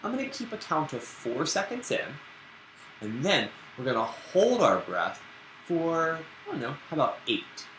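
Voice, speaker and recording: A man teaching a live-streamed yoga class in a relaxed, chatty and playful way. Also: fairly high pitch, measured pace. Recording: roomy echo with background noise.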